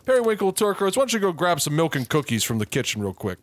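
A man's voice: on the high side, very animated, quick pace, no echo. A man playing a cruel, unhinged Santa Claus in an improvised comedy scene, crude and swearing, breaking into sudden rants. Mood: sneering.

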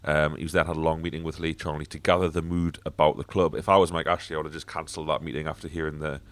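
A man's voice: very deep voice, level tone, rapid-fire, no room sound. A man hosting a casual football podcast, talking bluntly with swearing and frequent fillers. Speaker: podcast host.

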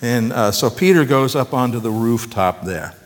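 A man's voice: medium pitch, expressive, normal speed, big-room sound. A man preaching a conversational sermon as pastor, with folksy joking asides to his congregation.

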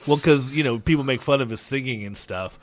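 A man co-hosting a podcast in relaxed casual chat. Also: mid-range voice, a little fast. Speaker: podcast co-host.

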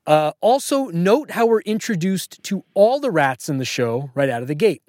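A man hosts a podcast in a relaxed, joking way, sharing trivia with his guest. His voice sits a touch higher than most men's. The mic is close and dry, with no room sound. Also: normal speed, dry recording. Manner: wry, joking, fact-heavy. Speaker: podcast host. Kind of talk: casual podcast chat.

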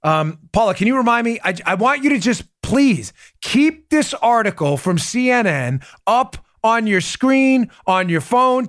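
High-voiced man hosting political commentary. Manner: emphatic, repeats key points; asides and self-interruptions. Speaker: podcast host.

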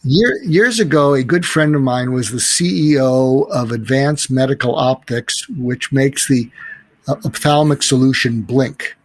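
A middle-aged man with a rough, gravelly edge and a slightly husky tone. He tells stories in a loose conversational way, circling back with fillers and restarts. The sound is close and dry. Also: mid-range voice, a little slow, dry recording. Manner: storytelling, many restarts and fillers. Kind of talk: casual conversational advice.

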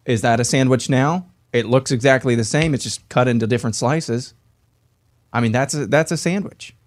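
A man's voice: medium pitch, normal speed, dry recording. A man co-hosting a radio show, chatting casually and easygoing in the studio.

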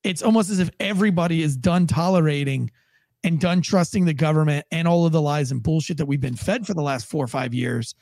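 A man's voice: on the high side, a little fast, gravelly, a little mellow, dry recording. A man, a former police officer, co-hosting a podcast in a rambling, casual way with many restarts. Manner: rambling, restarts a lot, acts out quoted tones.

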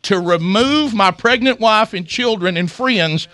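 A man, hosting talk radio and telling a funny story, animated and self-mocking. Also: sits high, unhurried, no room sound.

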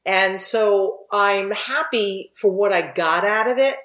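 A woman's voice: mid-range voice, slow, fairly bright tone, roomy sound. A middle-aged woman telling candid, rambling stories about her TV career as an interview guest, swearing casually. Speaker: guest, TV writer and producer.

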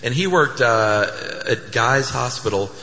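A man co-hosting a live podcast on stage, telling a story casually in a chatty, animated way. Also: mid-range voice, a little slow. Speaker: podcast co-host. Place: theater stage before a live audience. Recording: live hall with long reverb.

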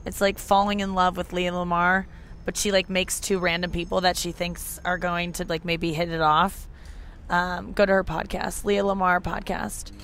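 A woman's voice: on the low side, level tone, moderate pace, fairly bright tone, slight background noise. A young woman hosting a podcast in casual chat, rambling and cutting herself off as she talks. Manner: chatty, rambling, self-interrupting. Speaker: podcast host.

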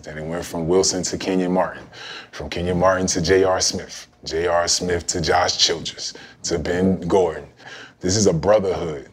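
Deep-voiced man telling stories in an interview. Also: moderate pace, slight background noise. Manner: animated storyteller, laughs while telling stories. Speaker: interviewee, former pro basketball player turned cannabis entrepreneur. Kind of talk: casual interview storytelling.

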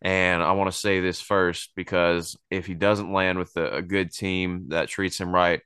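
Male podcast host, very low voice, smooth, dry close mic, relaxed rambling delivery. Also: measured pace, dry recording. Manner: laid-back, rambling, laughs often. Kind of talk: casual sports podcast chat.

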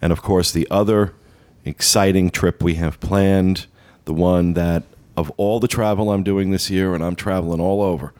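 Male podcast host, very low voice, casual rambling promo chat. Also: fairly even intonation, moderate pace, a little mellow. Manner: rambling, many uh fillers, upbeat promo talk.

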